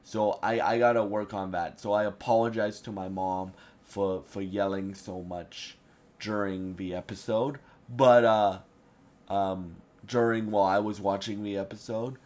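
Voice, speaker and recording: A man's voice: lowish voice, steady tone, a little slow. A young man giving a casual spoiler review of a TV episode, rambling with lots of fillers and restarts. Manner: rambling, many fillers and restarts, bursts into loud impressions.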